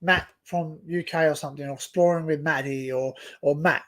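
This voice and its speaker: A man's voice: fairly high pitch, fairly even intonation, a little fast, fairly bright tone. A young Australian man hosting a casual livestream chat, rambling and restarting his sentences often. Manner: rambling, stop-start with many restarts. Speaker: livestream host.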